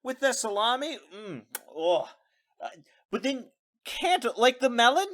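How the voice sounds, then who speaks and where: A podcast co-host in casual chat, reacting with animated jokes. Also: mid-range voice, unhurried. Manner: animated, joking.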